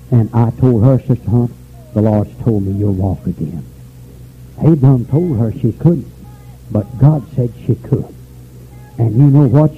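An older man preaching a revival sermon, swinging from fervent shouts down to low, quiet pleading. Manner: fervent, rising to shouts then dropping low. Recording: tinny phone-like old recording with faint noise.

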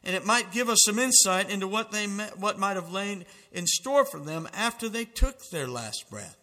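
Guy preaching hard, high bright voice, big echoey hall. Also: lively intonation, normal speed. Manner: fervent, emphatic preaching with dramatic quotations. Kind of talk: sermon.

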